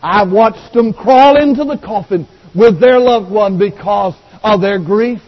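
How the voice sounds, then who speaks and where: A man's voice: high-pitched, unhurried. Impassioned preacher man in a reverberant hall. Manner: impassioned preaching, swings from loud cries to hushed tones. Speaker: pastor. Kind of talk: sermon. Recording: dull recording with long hall reverb.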